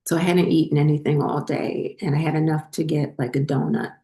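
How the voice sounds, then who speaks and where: New woman rambling thru a personal story, low mellow voice, lots of ums, echoey room. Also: steady tone, brisk. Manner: rambling, frequent ums and self-corrections. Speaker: spiritual channel host.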